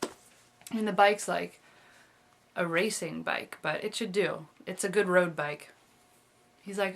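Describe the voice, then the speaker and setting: A young woman in her twenties talks through a casual video diary. She rambles and circles back, full of fillers and small giggles. Her voice sits slightly lower than most women's. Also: slow, creaky, long pauses. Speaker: vlogger.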